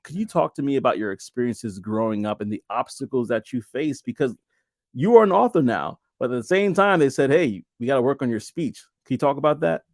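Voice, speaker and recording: A man's voice: medium pitch, animated, a little fast, darkish tone, no echo, studio quality. A man hosting an interview, asking enthusiastic, rambling questions with lots of affirming hums. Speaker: podcast host. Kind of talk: casual interview chat.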